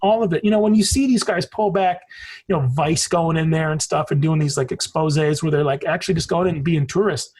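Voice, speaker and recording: In a casual podcast conversation, a U.S. guest in his forties rambles through stories emphatically, swearing freely. He speaks fairly quickly, his voice on the high side with a darkish tone.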